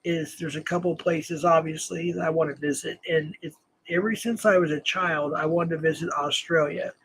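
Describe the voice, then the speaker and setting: A man's voice: a little high, steady tone, moderate pace, fairly bright tone, slightly rough, rough recording. Rambling man hosting a live chat. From New Mexico. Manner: rambling, full of fillers and self-corrections; chuckles often. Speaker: host. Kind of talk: casual live-stream chat.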